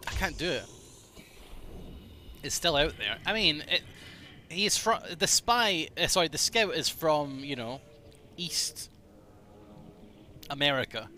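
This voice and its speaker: A young man streaming a game, chatting casually with his audience in a joking, animated way and swearing freely. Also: on the high side, slow pace, long pauses, slight background noise. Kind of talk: casual live-stream chat reading.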